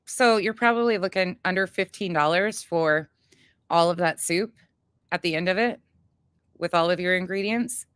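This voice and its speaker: A woman in a relaxed livestream chat with her viewers, talking in a chatty, blunt way and swearing freely. Her voice sits on the low side. The sound is dry and close, with little room to it. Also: moderate pace, clear, resonant tone, no room sound. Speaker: livestream host. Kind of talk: casual cooking livestream chat.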